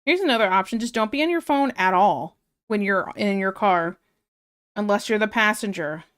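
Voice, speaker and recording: Chatting casually on stream, a woman reads viewer comments aloud, ranting in exasperation and laughing often. Her voice is medium-pitched, a bit bright and smooth, at a moderate pace.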